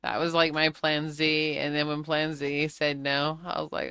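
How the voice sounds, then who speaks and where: A woman's voice: low voice, little pitch movement, normal speed, a bit bright, clear, resonant tone, no room sound, studio quality. A woman streaming a flight game, chatting casually and telling stories with frequent laughter. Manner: chatty storytelling, laughs often, acts out quotes. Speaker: gaming streamer. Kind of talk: casual chat while playing a flight game.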